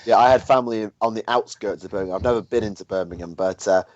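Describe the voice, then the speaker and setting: A man's voice: fairly low pitch, quick pace, a little mellow, dry recording, dull audio. A man with a Yorkshire accent from Barnsley, hosting a casual podcast chat and asking questions. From England. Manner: conversational, asks questions, hums filler tunes. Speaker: podcast host.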